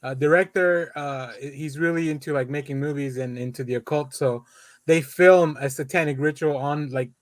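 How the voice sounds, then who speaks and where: A man's voice: fairly high pitch, normal speed, no echo. A man in a casual podcast chat, eager and tripping over his words. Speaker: podcast co-host.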